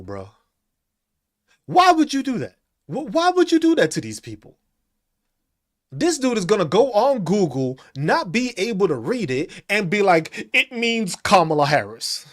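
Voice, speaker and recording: A man's voice: sits high, wildly swooping pitch, moderate pace. A man hosting a podcast, mocking and profane, ranting at commenters and laughing between taunts. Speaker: podcast host.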